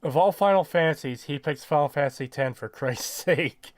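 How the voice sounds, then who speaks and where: A man's voice: a little high, normal speed, no room sound. Dry-sounding man with wry remarks. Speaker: podcast co-host. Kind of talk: casual gaming chat.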